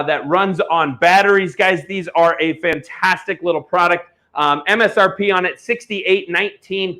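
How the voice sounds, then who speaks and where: A man hosts a live online auction stream in a high, bright, forceful voice. He speaks bluntly and heatedly, pitching products like a salesman.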